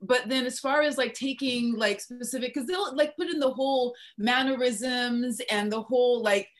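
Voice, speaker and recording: A woman from Côte d'Ivoire talks in a casual podcast. Her voice sits a little high, and she is blunt and emphatic, clearly irritated by what she describes. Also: normal speed.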